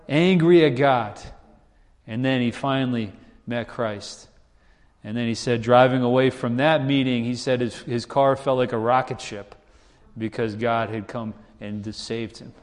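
A man preaching a sermon in a conversational style, his pitch rising whenever he acts out quoted voices. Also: moderate pace, in a large hall. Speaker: pastor.

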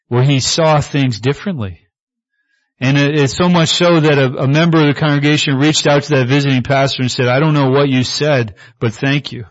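A man preaching a sermon in a relaxed, conversational way, slipping in asides as he tells stories. His voice sits at an average pitch. The recording is slightly muffled and lo-fi. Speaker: pastor.

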